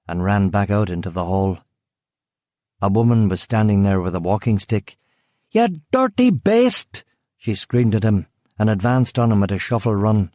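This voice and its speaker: Deep dry-voiced male audiobook narrator. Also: warm tone, no room sound. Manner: measured, dry delivery, voicing characters. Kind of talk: scripted narration.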